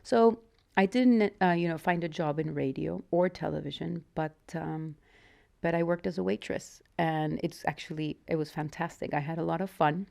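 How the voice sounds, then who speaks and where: A Mexican woman in her forties speaks as an interview guest in a low voice with a gravelly, creaky edge. She tells her life story candidly and reflectively, often stopping and restarting her sentences. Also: steady tone, normal speed, warm tone. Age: 40s.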